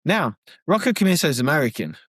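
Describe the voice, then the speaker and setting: A man co-hosting a podcast, telling an anecdote in an excitable, animated way. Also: fairly high pitch, quick pace, no room sound, studio quality. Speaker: podcast co-host. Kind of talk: casual anecdote-telling chat.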